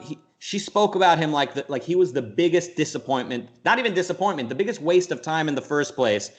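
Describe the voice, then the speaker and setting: A man's voice: a little high, lively intonation, brisk, hardly any pauses. Rambling, thoughtful young man. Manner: thoughtful, rambling, restarts a lot, sometimes mimics voices. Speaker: interview guest. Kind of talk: casual conversational interview.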